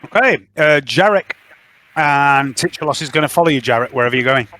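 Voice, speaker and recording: A game master with a mid-range, animated voice that sounds pushed and bright runs a tabletop role-playing game. He narrates casually, joking with and teasing his players and laughing readily.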